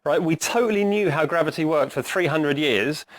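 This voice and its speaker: A middle-aged man giving a conversational talk to a live audience, quizzing them and tagging "right?" onto his points, his voice going hoarse. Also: fairly high pitch, normal speed. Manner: conversational, asks the audience questions, says "right?" often. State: hoarse, clearing his throat. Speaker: agile coach giving a talk. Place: meeting room with an audience.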